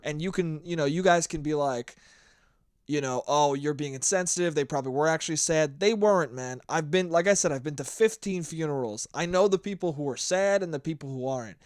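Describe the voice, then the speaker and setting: A young man talks alone into the mic, ranting bluntly and swearing freely. His pitch sits a bit high and swings widely as he gets worked up. The sound is dry and close, with no room around it. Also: lively intonation, brisk, a little mellow, no room sound. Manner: blunt, profane, ranting storyteller. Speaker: podcast host. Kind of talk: solo podcast monologue.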